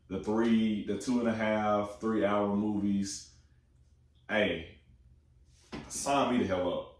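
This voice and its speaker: A young man casually talking about upcoming films, excitable and slangy, swearing freely. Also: fairly low pitch, normal speed. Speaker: movie talk host. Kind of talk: casual movie chat. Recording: echoey room, far from the mic.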